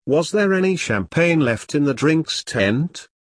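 A man's voice: fairly high pitch, expressive, measured pace, no room sound, clean studio sound, voice pushed up. A man voicing a languid aristocratic lady with a posh drawl in a storybook reading.

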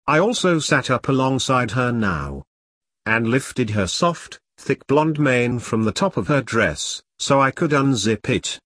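A man narrating a first-person detective novel in a wry, deadpan, self-mocking way. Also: mid-range voice, measured pace, dry recording, studio quality. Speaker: audiobook narrator.

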